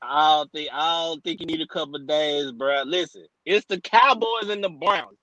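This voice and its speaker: Bright, high man from Memphis. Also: no echo, highs cut off. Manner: quick, emphatic, repeating "bro". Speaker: podcast co-host. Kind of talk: casual sports chat. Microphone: remote call.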